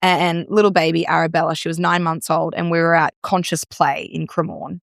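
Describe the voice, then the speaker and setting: A woman's voice: low-pitched, little pitch movement, brisk, vocal fry, no echo, clean studio sound. A young Australian woman, a breathwork guest, telling stories in casual chat full of "like" fillers. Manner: chatty, storytelling, many "like" fillers.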